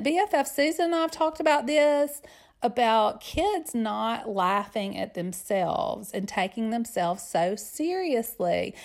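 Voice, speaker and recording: A woman in her forties hosts a podcast, chatting casually through listener mail in an unhurried, drawn-out way. She laughs easily and repeats herself for emphasis, and her voice has a rough, gravelly edge. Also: a little high, darkish tone. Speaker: podcast host.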